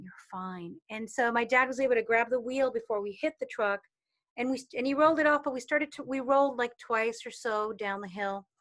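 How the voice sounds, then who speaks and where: A woman's voice: a little high, a bit bright. A woman coaching on intuition in a casual teaching talk, expressively acting out inner voices and quoted people. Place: online community replay session.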